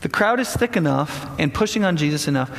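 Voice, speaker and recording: Animated preacher man in a reverberant hall. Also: a little high, fast talker, gravelly. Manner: animated, conversational, frequent rhetorical "right?". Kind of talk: sermon.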